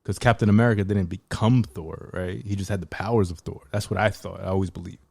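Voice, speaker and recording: Male co-host, low voice, dry close sound, measured and hesitant. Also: steady tone, vocal fry, a little mellow, breathy edge, no room sound. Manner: hesitant, measured, stammering restarts. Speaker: podcast co-host. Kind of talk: casual movie review chat.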